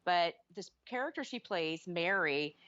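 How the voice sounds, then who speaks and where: A woman co-hosting a podcast, chatting casually about a film with quick opinionated asides. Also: lowish voice, animated, fairly bright tone, dry recording. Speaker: podcast co-host. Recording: slightly muffled dull podcast mic.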